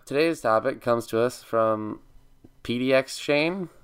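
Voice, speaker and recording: A man's voice: medium pitch, a little slow, smooth. A man co-hosting a podcast in casual chat from an apartment on a small desktop mic, his voice a bit scratchy today, joking loosely. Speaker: podcast co-host. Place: apartment room. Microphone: small desktop USB microphone.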